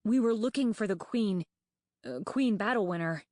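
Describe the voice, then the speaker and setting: A woman voicing a nervous, bookish young male dragon in an audiobook, talking in anxious, rapid reasoning and stammers. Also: mid-range voice, lively intonation, darkish tone, no echo, studio quality, natural voice. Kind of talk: audiobook character voice.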